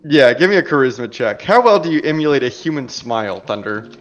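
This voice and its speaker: A man narrating a tabletop role-playing game as game master, in a relaxed, chatty way. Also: mid-range voice, a little fast, muffled recording, faint music behind. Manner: relaxed and chatty, laughs easily.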